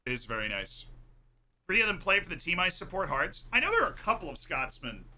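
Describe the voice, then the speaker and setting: Man, live streamer, bright ringing voice, chatty and jokey. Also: a little high, sing-song, a little fast. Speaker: streamer hosting a World Cup watchalong. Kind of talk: casual live-stream commentary.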